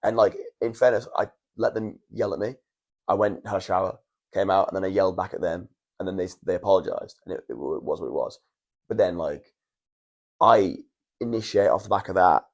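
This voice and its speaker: A young wrestler tells long stories in a casual podcast chat from a hotel room, his low, creaky voice moving a little fast. He rambles, restarts often, and swears a lot.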